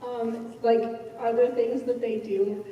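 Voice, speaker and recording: A woman in the audience asking an earnest, halting question at a fan convention. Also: fairly high pitch, level tone, far from the mic, narrow, tinny audio, some chatter behind, slight background noise. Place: large convention hall. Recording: echoey hall recorded from afar.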